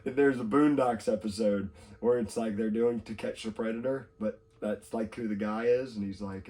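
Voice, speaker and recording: A man's voice: on the low side, fairly even intonation, moderate pace, mellow. A young man co-hosting a casual podcast chat, rambling, laughing often and acting out quotes in silly voices. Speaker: podcast co-host.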